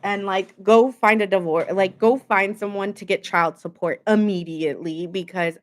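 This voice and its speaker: A woman's voice: medium pitch, fairly even intonation, normal speed. A young adult woman giving a casual tarot reading to camera, talking emphatically with lots of filler words and open indignation. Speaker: tarot reader.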